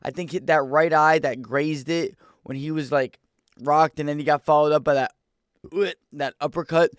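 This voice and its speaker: A young man giving a casual, excitable fight reaction, rambling in slang. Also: on the high side, moderate pace, clean tone, no room sound, studio quality. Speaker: MMA reaction YouTuber.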